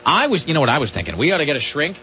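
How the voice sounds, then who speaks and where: Joking male radio host, fairly high, lively voice, casual banter; muffled radio audio. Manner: joking, animated, quick asides. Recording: dull lo-fi radio audio with faint hum.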